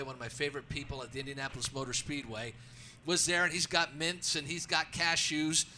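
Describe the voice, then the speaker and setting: A man who works as a racetrack announcer, telling stories in a radio interview in an excitable way, acting out his own calls and restarting his sentences often. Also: high voice, a little hiss or hum. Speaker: racetrack announcer, show guest. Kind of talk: animated storytelling in a radio interview.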